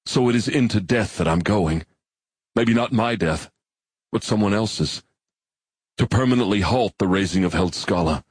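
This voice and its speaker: A man's voice: on the low side, normal speed, husky, no echo, studio quality, voice pushed up. A man voicing a somber, grim man weighed down by his fate. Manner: somber and grave.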